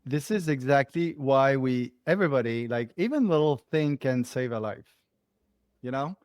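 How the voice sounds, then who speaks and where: A man in the middle of his pitch range hosts a podcast conversation. He speaks earnestly and encouragingly, with small restarts as he works out his thoughts. The recording is dry and close. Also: animated, moderate pace, darkish tone, smooth, no room sound. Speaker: podcast host. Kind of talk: conversational interview.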